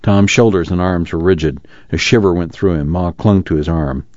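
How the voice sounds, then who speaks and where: Deep-voiced man narrating a novel. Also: moderate pace, a little mellow, no room sound. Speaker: radio reading-service narrator. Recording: dry, slightly muffled studio recording.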